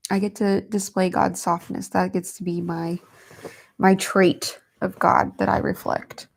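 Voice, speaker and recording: A tearful woman reads scripture and chats on a devotional stream, earnest and easily moved. Her voice sits at a middling pitch with a noticeable gravelly fry running through it. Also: flat delivery, unhurried. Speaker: host of a Christian livestream. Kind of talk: devotional Bible reading and chat.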